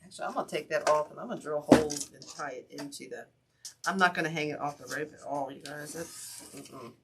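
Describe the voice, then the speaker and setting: Heavy background noise surrounds this woman's low, brisk voice. Hosting a craft channel livestream, she rambles chattily while working, talking to herself and tossing asides to her viewers.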